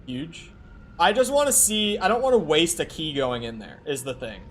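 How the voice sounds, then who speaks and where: A man's voice: a little high, animated, normal speed. A man streaming a video game, chatting casually, swearing freely and talking back to the screen as he plays. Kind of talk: casual live-stream gameplay commentary.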